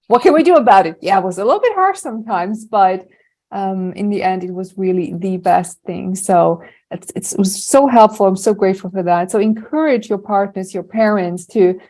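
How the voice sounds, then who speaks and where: A middle-aged woman coaching on anxiety, speaking in a lively, humorous way on a podcast. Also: medium pitch, moderate pace. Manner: lively, humorous, laughs while telling stories. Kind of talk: casual podcast conversation.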